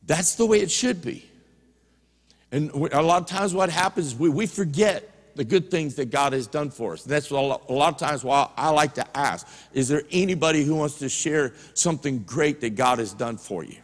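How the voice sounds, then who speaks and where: A man's voice: on the high side, normal speed, big-room sound. A man preaching a sermon in a church, telling stories in a folksy way and retelling conversations line by line. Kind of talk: sermon storytelling. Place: church sanctuary.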